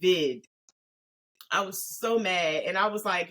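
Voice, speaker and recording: A woman's voice: on the low side, a little slow, a bit bright. A woman co-hosting a casual podcast chat, telling a story expressively and laughing often. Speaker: podcast co-host.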